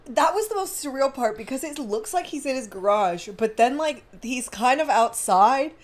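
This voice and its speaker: A woman co-hosting a podcast, chatting casually and telling an animated personal anecdote in which she acts out what people said. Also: high-pitched, moderate pace. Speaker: podcast co-host. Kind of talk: casual storytelling chat. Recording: audio-only podcast.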